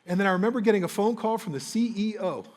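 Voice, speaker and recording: A man telling a motivational sales story on stage to a live audience, animated and enthusiastic, acting out the dialogue. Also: high-pitched, quick pace. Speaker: motivational speaker and sales coach. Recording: long hall reverb.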